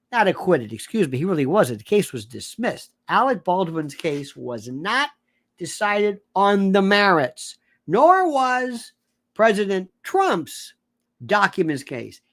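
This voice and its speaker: A man talking in a rambling, theatrical monologue as a commentator, his pitch swinging widely from line to line. He keeps correcting himself mid-sentence and breaks into mimicked voices of the people he describes. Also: very animated, slow, a bit bright. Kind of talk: animated political commentary monologue.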